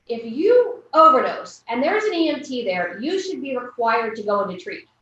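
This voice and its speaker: A woman's voice: high-pitched, far from the mic. A woman giving a conference keynote, telling a personal story and acting out the people in it. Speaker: keynote speaker. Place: large conference hall. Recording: echoey hall, lo-fi from afar.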